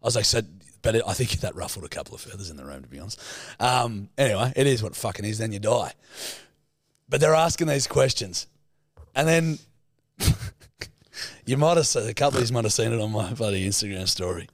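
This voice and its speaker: A man's voice: lowish voice, lively intonation, brisk, no room sound, studio quality. An Australian man co-hosting a podcast, chatting casually with swearing and laughter. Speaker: podcast co-host. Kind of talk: casual chat.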